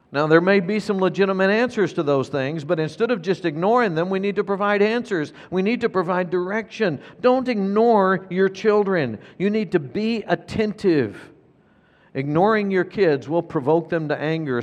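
Emphatic pastor preaching in a reverberant hall. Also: male voice, high voice, animated, moderate pace. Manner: emphatic, repeats key phrases. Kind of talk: sermon.

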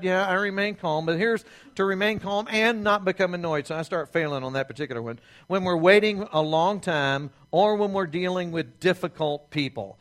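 Pastor guy preaching, kinda high voice, slows way down on the big points. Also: fairly bright tone. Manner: earnest preaching, slows and stresses key phrases; reads scripture aloud with pleading quoted voices. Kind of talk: sermon.

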